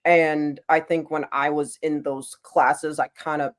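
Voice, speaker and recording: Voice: mid-range voice, level tone, unhurried. A podcast host speaking casually and earnestly, asking long, winding questions in between short stories of their own. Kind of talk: casual interview conversation.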